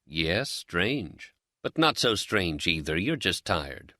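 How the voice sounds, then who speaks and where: A man reading an audiobook and voicing a calm, teasing male friend who is a pipe smoker with a Zen streak. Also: low-pitched, no echo, heavily acted. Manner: teasing, dry, unhurried. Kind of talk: audiobook character dialogue.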